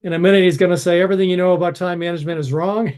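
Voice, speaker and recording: A man with a higher voice leads an online session over a video call. He talks in a relaxed, chatty way, pausing and restarting now and then as he speaks. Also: clean tone. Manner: relaxed, chatty, slightly halting. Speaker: workshop facilitator. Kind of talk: casual online workshop talk.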